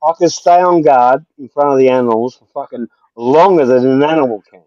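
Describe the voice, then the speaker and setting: A man's voice: mid-range voice, fairly quick, dark tone, no echo. An Australian man in heated, profane live-stream banter, combative and talking over others, on dull lo-fi stream audio. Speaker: livestream panel guest.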